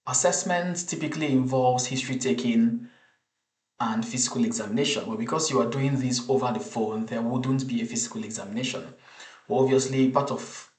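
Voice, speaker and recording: A man teaching an exam case over slides, in a measured, explanatory way with frequent restarts. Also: mid-range voice, a little mellow. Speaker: medical exam tutor. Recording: roomy echo.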